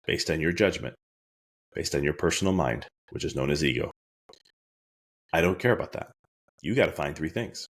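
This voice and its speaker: A man with a very low, deep voice delivers a heartfelt motivational podcast talk. He speaks earnestly and with emphasis, and he often says a key line twice. When he acts out his own thoughts, his voice leaps far higher. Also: breathy edge. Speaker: wellness speaker.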